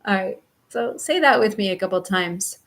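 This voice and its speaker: A woman with a mid-range, fairly bright, animated voice teaches a chant step by step as a pronunciation lesson. She draws out syllables slowly and patiently for students to repeat.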